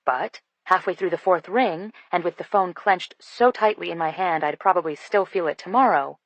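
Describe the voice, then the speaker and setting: A woman reading a first-person romance audiobook in an expressive, lightly comic manner. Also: fairly low pitch, moderate pace, no room sound, dull audio. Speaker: audiobook narrator. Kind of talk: first-person scripted narration.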